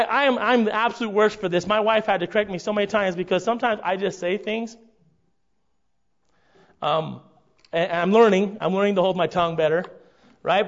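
A man preaching a conversational sermon to his congregation, often checking in with a quick "right?". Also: sits high. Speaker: pastor. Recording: dull lo-fi recording.

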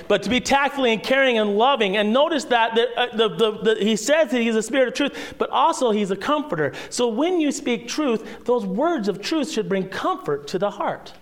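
A man preaching a sermon in a conversational way, asking rhetorical questions and dropping to a hushed voice for emphasis. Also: high voice. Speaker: pastor.

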